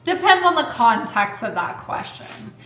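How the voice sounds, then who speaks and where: A woman's voice: high-pitched, moderate pace, slight background noise. A woman in her thirties, a mother and channel host, chatting casually while eating and telling stories with lots of "like"s and restarts. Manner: chatty, many likes and restarts, animated storytelling. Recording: echoey room with music behind.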